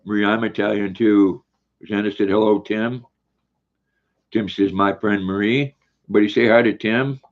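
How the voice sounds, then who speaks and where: Older man, low folksy livestream voice. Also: fairly even intonation, moderate pace. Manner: folksy, repeats words while reading chat aloud. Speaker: livestream host. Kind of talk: casual livestream chat, reading comments. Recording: dull lo-fi stream audio.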